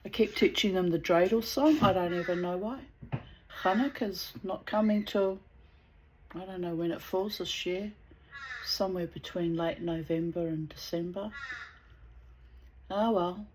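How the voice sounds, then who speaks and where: A woman, an author telling personal stories in a chatty, digressive, animated way. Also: lowish voice, measured pace, pauses often, a little hiss or hum, rough recording. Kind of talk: casual storytelling with asides.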